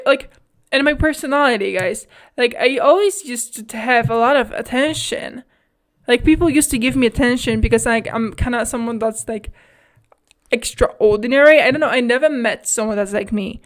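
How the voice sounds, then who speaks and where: Rambling young woman, slightly high voice. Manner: rambling and candid, heavy use of "like", swears freely. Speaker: podcast host. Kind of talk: casual solo podcast monologue.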